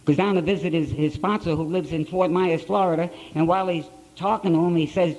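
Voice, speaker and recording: Middle-aged man, mellow warm tone, blunt plain-spoken storyteller at a podium, old conference tape. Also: a little high, steady tone, fairly quick, few pauses, low-quality recording. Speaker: speaker at a recovery conference. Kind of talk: personal recovery story told to an audience.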